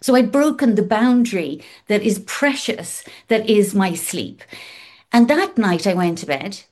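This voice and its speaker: A woman's voice: mid-range voice, sing-song, measured pace, a little mellow. A middle-aged woman talking candidly as a guest, emphatic and frank, swearing casually and listing things in rhythmic runs. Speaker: guest in recovery. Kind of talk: candid conversational chat.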